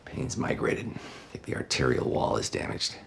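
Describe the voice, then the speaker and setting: A man's voice: moderate pace, fairly bright tone, a little hiss or hum, natural voice. An actor playing a sardonic middle-aged male doctor who talks in a dry, cutting way. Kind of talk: TV drama acting.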